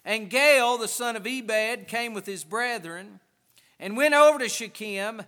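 Slow, bright-voiced male preacher in a hall. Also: very high-pitched. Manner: emphatic preaching with many pauses and restarts. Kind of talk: sermon.

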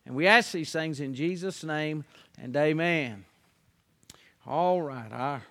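A man preaching a sermon, praying in a reverent low voice and then preaching in an emphatic, folksy way. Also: a bit bright.

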